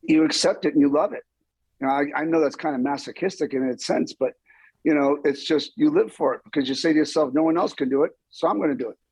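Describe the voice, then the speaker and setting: Quick-paced and slightly rough, this fairly high male voice comes through with no echo. The speaker, a stuntman appearing as a guest, tells stories in an interview with lots of animation, performing the quoted lines of the people involved.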